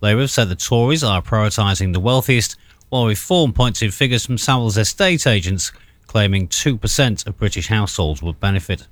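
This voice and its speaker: A man reading a radio news bulletin in a measured, formal way. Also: on the low side, lively intonation, no room sound. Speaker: newsreader.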